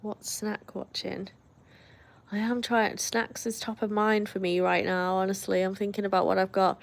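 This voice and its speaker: A woman's voice: medium pitch, little pitch movement, moderate pace, creaky. A British woman hosting a livestream, chatting casually and reading out viewer comments with frequent laughs. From Britain. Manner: chatty, laughs often, friendly asides. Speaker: livestream host.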